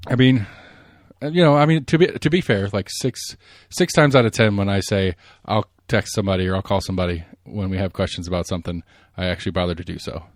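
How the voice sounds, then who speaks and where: Low-voiced man rambling about local politics. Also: quick pace, no echo, clean studio sound. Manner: rambling, animated, lots of fillers and restarts. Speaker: podcast host. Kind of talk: casual political chat.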